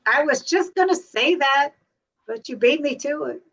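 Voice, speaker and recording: A woman from the American Midwest hosting a casual live stream chat, talking in quick asides and laughing often. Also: high-pitched, animated, a bit bright. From Cincinnati, USA.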